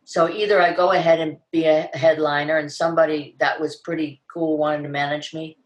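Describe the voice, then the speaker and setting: A woman's voice: low-pitched, flat delivery, brisk, muffled recording. An older woman, an actress, chatting in an interview and telling stories animatedly, acting out quoted lines with big jumps in her voice. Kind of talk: casual interview chat. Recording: echoey room.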